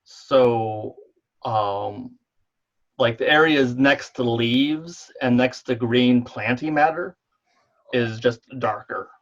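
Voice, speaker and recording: Male game master, slow and halting, muffled call sound. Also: mid-range voice, a bit bright. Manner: hesitant, many ums. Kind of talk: narrating a tabletop game online. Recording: dull online call audio.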